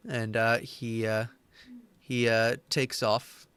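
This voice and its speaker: A man narrating a tabletop game as game master, halting often with fillers. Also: medium pitch, little pitch movement, fairly bright tone, clean tone, no echo.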